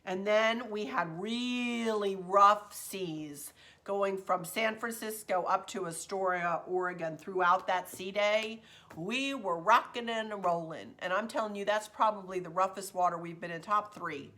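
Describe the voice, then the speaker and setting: A woman telling a story in a chatty, expressive vlog. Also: mid-range voice, unhurried. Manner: chatty, expressive, says "y'all". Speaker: vlogger.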